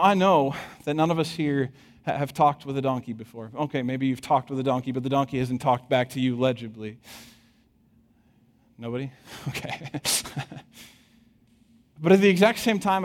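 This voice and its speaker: A man preaching a sermon, retelling a scripture story with an animated, chuckling storytelling manner and addressing the congregation directly. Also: mid-range voice, brisk, pauses often. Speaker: pastor. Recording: long hall reverb.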